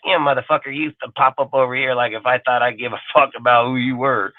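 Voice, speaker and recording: A man's voice: mid-range voice, steady tone, a little fast, dry recording, narrow, tinny audio. A man hosting a live fan show, ranting aggressively in casual talk and swearing constantly. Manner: aggressive, heavy swearing, mimics people mockingly. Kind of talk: profane casual rant.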